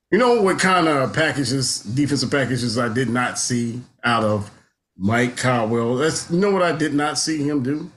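Male podcast co-host, casual sports talk, relaxed and rambling. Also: medium pitch, moderate pace.

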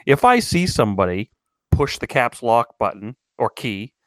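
A man co-hosting a casual podcast, with wry, deadpan humor as he steers the conversation. His voice sits at an ordinary middle pitch. The sound is dry and close to the mic. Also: normal speed, no room sound. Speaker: podcast co-host. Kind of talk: casual banter.

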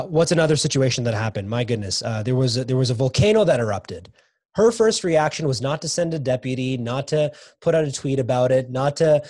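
A man's voice: mid-range voice, dry recording. Enthusiastic man guest, dry close sound. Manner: enthusiastic, repeats words when excited. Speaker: guest author. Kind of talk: casual podcast interview.

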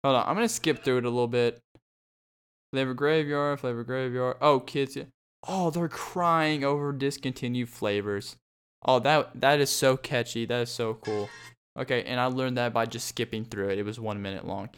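A young man talks alone into his podcast mic, loose and rambling, full of ums and restarts. His voice is smooth and clear, set in a middle pitch. He jokes his way through his segment. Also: normal speed, a bit bright. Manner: rambling and jokey, with many fillers and restarts. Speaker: podcast host. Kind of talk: solo podcast monologue.

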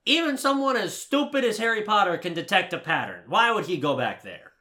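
A man co-hosting a casual movie review podcast, ranting with lots of swearing, swinging from heated shouting to low muttering. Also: sing-song, brisk. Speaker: podcast co-host.

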